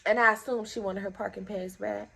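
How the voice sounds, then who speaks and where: A young woman with a gravelly, medium-pitched voice talks a little fast as she tells her viewers a story time. She's casual, indignant and exasperated, animatedly acting out both sides of every exchange.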